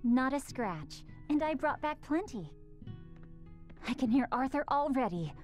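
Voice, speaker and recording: A composed young woman in a video game, a protective older sister with a fairly high voice. She speaks calmly, levelly and with quiet firmness, over faint game music. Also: measured pace. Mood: calm firm. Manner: calm, level, quietly firm. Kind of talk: game voice acting.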